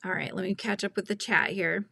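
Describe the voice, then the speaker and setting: A woman's voice: mid-range voice, fairly even intonation, brisk, gravelly, pushed and bright, no room sound. A middle-aged woman hosting a crochet livestream, chatting casually, giggling and reading the chat aloud.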